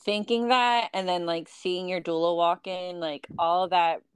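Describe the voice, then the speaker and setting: Smooth-voiced woman hosting a chat. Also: fairly low pitch, fairly even intonation, a little slow. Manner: supportive listener, frequent small affirmations. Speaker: podcast host. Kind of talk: casual chat.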